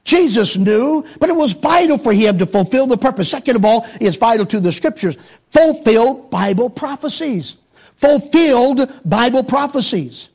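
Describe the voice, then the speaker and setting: High-voiced preacher man, emphatic. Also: expressive, normal speed, darkish tone. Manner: emphatic, repeating phrases for stress; rises sharply in pitch on rhetorical questions. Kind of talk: sermon.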